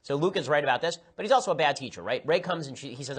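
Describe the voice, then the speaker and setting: A man giving a rapid, sarcastic, exasperated film review. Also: a little high, animated, husky. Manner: sarcastic, exasperated, quick-firing rants. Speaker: political commentator.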